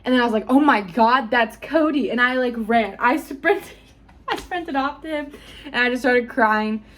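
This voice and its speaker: A woman's voice: fairly high pitch, moderate pace, fairly bright tone, slight background noise. A young woman vlogging at home, gushing and chatty as she tells a story to camera.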